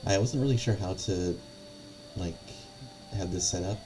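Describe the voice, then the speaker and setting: A man's voice: deep voice, unhurried, over music. A man running a tabletop game on a live stream, chatting casually with many fillers and small laughs. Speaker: game master.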